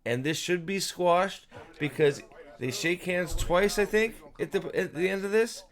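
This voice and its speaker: A man's voice: high voice, a little slow. A man giving casual, profane video commentary as host, ranting in an exasperated way with frequent restarts.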